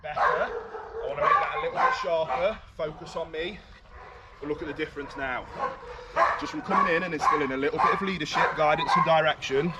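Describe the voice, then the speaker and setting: A British man working as a dog trainer, explaining his methods while giving firm short commands and high praise to a dog outdoors. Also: fairly quick. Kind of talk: outdoor training demonstration with commentary. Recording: distant outdoor mic with heavy noise.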